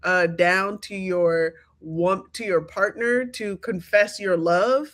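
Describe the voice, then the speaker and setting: Woman, podcast co-host, casual chat, slow and measured, playfully exasperated. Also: medium pitch.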